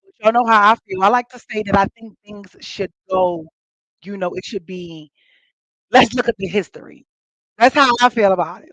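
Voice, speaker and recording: Animated woman host chatting with listeners. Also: dry recording, low-quality recording. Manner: animated storytelling, acting out quotes with big pitch jumps. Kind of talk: casual chat to a live audience.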